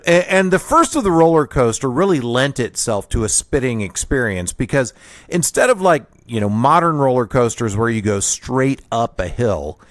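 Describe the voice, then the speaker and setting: A man from the Kansas City area hosting his own radio show, telling a personal story in an animated, chuckling way. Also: medium pitch, dry recording. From Kansas City area, USA. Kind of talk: solo storytelling monologue.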